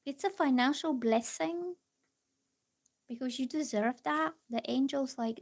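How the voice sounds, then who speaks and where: A woman's voice: fairly high pitch, a little mellow. A woman giving live-stream tarot readings, chatty and reassuring, rambling with many fillers. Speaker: tarot reader.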